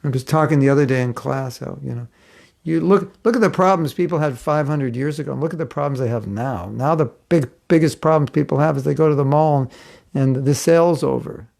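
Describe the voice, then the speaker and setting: A man leads a devotional class in a relaxed, conversational storytelling manner, often breaking into a chuckle. His voice sits a little high and has a gravelly fry to it. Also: a little fast. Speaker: spiritual teacher.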